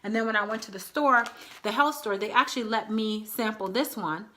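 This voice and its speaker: Bright-voiced chatty woman vlogger. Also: a little high, brisk, slight background noise. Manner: chatty, addresses viewers as y'all. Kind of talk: casual chat to camera.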